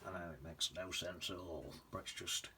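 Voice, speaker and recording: Brief: lower-voiced man, relaxed painting tutor, rambles and mutters to himself while he works, faint room noise. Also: moderate pace. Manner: chatty, rambling self-talk with muttered asides. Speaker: painting teacher. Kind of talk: casual painting demonstration.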